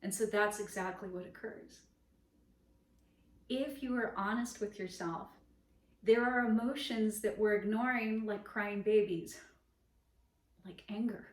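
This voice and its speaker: A woman yoga teacher speaks in an unhurried, gentle, reflective way, letting her words settle. Her voice sits a little away from the mic, with a roomy echo around it. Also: medium pitch, steady tone. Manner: slow, gentle, reflective teaching with soft closing blessings. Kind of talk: spoken dharma talk. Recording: echoey room, voice from a distance.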